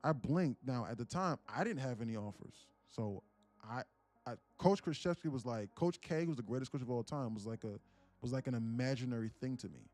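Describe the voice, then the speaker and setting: A man's voice: medium pitch, faint music behind. A young man hosting a livestream who tells a story casually, with lots of swearing and animation. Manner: profane, animated, fast. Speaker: day-trading livestream host.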